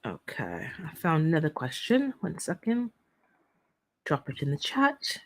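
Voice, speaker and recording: A woman's voice: low voice, wildly swooping pitch, a little slow. A woman hosting a casual live-stream holiday trivia game, chatty and playful, teasing her viewers. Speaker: livestream host running holiday trivia.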